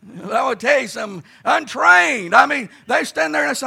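High, gravelly shouting preacher. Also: male voice, expressive, brisk. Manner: fervent, folksy storytelling with frequent "uh" and "let me tell you something". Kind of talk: shouted revival sermon. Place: camp meeting service.

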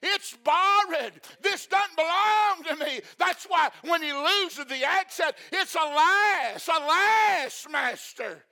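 A male preacher delivering an impassioned sermon, repeating phrases and breaking into shouts. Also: extremely high pitch, slow pace, hardly any pauses.

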